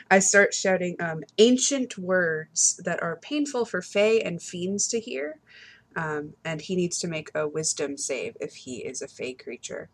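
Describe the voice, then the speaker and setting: A woman's voice: lowish voice, expressive, takes it slowly, husky. A woman playing in a tabletop game, hesitant with many ums while she explains rules. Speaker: player.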